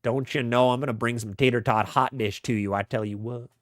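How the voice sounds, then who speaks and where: A man's voice: medium pitch, fairly even intonation, fairly quick, no echo, studio quality, lightly acted. A man putting on an exaggerated folksy Minnesotan accent, playing a neighborly man offering hot dish. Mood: joking. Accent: Minnesotan, put on.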